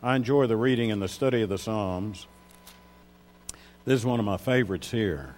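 A man's voice: lowish voice, normal speed, pauses often, darkish tone. Preaching man stressing scripture. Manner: preaches with rising emphasis, draws out key words. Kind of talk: sermon.

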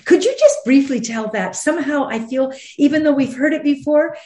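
A woman hosting an interview, talking earnestly and with emphasis, slowing down on heavy points. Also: high-pitched, dark tone. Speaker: host. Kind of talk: conversational interview. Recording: roomy echo.

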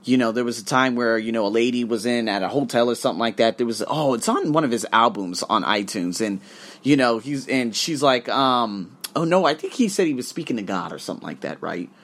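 A man talking straight to camera in a reflective self-help vlog, earnest and rambling, dropping to a hush and then building to emphatic, swearing bursts. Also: mid-range voice, expressive, fairly quick. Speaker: vlogger.

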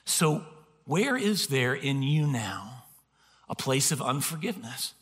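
A man preaching a sermon as a pastor, telling stories in an animated way and poking fun at himself. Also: mid-range voice, slow pace. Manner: animated storytelling with self-mocking humor. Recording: long reverb of a large hall.

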